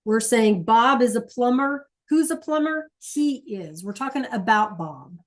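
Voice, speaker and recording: This Spanish teacher has a fairly high-pitched voice with lively intonation. During her class lesson she is patient, checks in regularly with students, and slowly repeats anything important.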